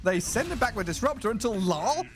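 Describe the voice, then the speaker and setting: A man casting an esports match as play-by-play commentator, excitable and quick to laugh. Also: slight background noise. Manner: excitable, laughs often, pitch jumps on big plays. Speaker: esports caster.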